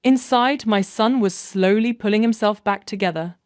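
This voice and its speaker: Gentle woman narrating a story. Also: medium pitch, no room sound, clean studio sound. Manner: gentle, measured. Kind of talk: scripted first-person story narration.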